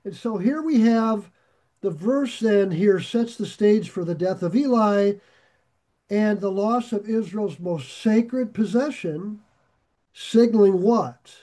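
A man with a high voice leads a verse-by-verse Bible study. He reads scripture aloud and then drifts into friendly, animated asides, getting lit up and loud when excited. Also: takes it slowly. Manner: animated, gets excited and raises his voice. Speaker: Bible teacher.

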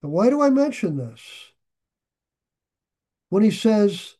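A man preaching a sermon in an earnest, conversational way, with sarcastic asides and sudden swings between loud emphasis and quiet drops. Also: high voice, big pitch swings, slow, pauses often. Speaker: pastor.

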